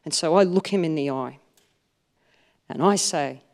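A woman, telling self-mocking comic stories to a live audience with deadpan punchlines. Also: low-pitched, a little slow. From Australia. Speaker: stand-up comedian.

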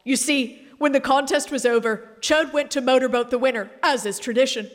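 A woman's voice: sits high, a little fast, lightly acted. Radio sketch: actress as an overdramatic male shock-jock at a funeral, mock-solemn. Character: crass male shock-jock radio co-host giving eulogy.

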